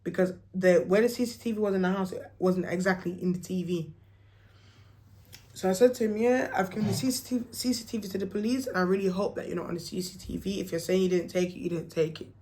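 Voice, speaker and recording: A woman's voice: lowish voice, fast. Young woman telling a story. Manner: animated, acts out quoted dialogue, slangy. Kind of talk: casual storytime vlog.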